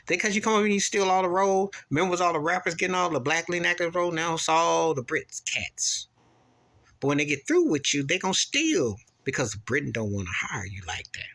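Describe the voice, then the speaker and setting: A man vlogger delivering a preachy, impassioned opinion rant to camera, repeating his points and jumping into sudden high-pitched outbursts. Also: lively intonation, brisk, a bit bright.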